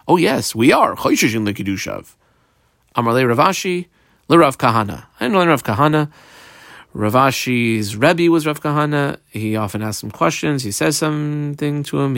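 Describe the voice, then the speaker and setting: A man's voice: medium pitch, creaky, a bit bright, dry recording, studio quality. A man teaching a page of Talmud, reading the text and translating it line by line as he marks it up. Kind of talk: daf yomi Talmud class.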